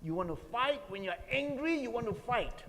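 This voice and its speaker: A man's voice: extremely high pitch, animated, normal speed, long reverb tail, background noise. A man with a Singaporean English accent, preaching a sermon and telling stories while asking the audience questions. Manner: storytelling, asks the audience questions.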